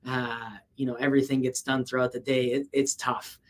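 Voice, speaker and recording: A man's voice: medium pitch, monotone, a little fast. Easygoing male podcast co-host. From US Midwest. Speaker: real estate agent and podcast co-host. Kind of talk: casual podcast chat.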